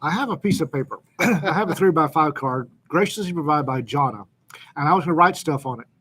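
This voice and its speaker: A man co-hosting a casual live chat, making announcements with lots of pauses and ums, and joking about himself. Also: fairly high pitch, animated, pushed and bright, slightly rough. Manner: halting, many ums, self-deprecating. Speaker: co-host, anthology editor.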